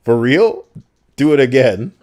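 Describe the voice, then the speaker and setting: A man's voice: medium pitch, lively intonation, unhurried, a little mellow. A young man streaming casually, teasing and arguing with plenty of swearing. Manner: profane, teasing, argumentative. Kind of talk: casual live-stream chat.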